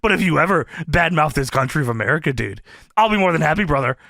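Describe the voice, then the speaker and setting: A man's voice: fairly high pitch, lively intonation, quick pace, gravelly, a bit bright, no echo, studio quality. A man voicing a boastful patriotic masked wrestler who swaggers through his lines and ends them with "brother" and "dude". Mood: cocky.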